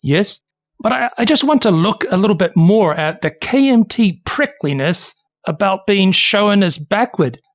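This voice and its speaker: Steady explaining podcast co-host. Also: mid-range voice, unhurried, no echo. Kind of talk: casual history podcast chat.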